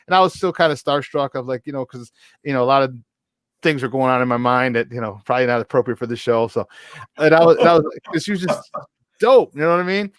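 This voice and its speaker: A man co-hosting a sports talk show, telling a long story in a casual, animated way and jumping into the voices of the people he quotes. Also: medium pitch, fast talker, smooth, no echo. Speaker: co-host. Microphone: remote mic, virtual studio.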